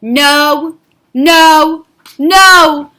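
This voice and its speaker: A stubborn, bad-tempered storybook king bellows his refusals, as a woman puts him on. The voice jumps high and loud, brash and sharp-edged, every word a defiant shout. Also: extremely slow, heavily acted. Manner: shouting, indignant. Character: stubborn angry male Egyptian king.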